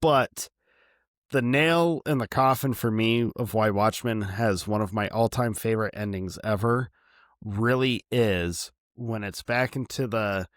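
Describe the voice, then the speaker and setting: A man's voice: lowish voice, measured pace, dry recording. Chatty podcast guy, dry close sound. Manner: animated, laughs often, talks in long run-on thoughts. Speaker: podcast co-host. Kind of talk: casual chat.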